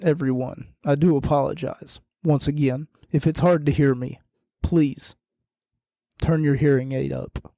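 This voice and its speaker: A man with a raised pitch and a hoarse, frog-in-the-throat voice hosts a casual podcast. He talks in an unhurried, drawn-out way, rambling and making self-deprecating jokes. The recording is dry and close. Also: fairly even intonation, mellow, no room sound. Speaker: podcast host.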